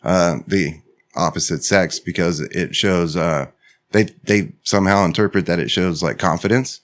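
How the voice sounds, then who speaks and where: A man's voice: deep voice, moderate pace. A young man co-hosting a podcast, crude and joking, sick with a cold. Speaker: podcast co-host. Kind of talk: casual chat.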